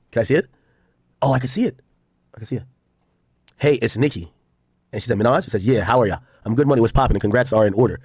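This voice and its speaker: A man's voice: mid-range voice, darkish tone, husky, no room sound, clean studio sound. A man streaming casual commentary to his chat, reading posts aloud and reacting bluntly, with frequent profanity.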